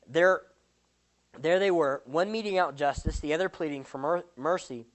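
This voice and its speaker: A religious speaker teaches a doctrine and then reads a long parable to the listeners. The delivery is earnest and deliberate, at a middle pitch. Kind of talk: sermon with parable reading.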